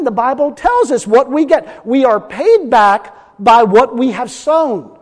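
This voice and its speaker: A man's voice: extremely high pitch, lively intonation, unhurried, few pauses, long reverb tail. A man preaching a sermon as pastor, emphatic and folksy, often chuckling as he talks.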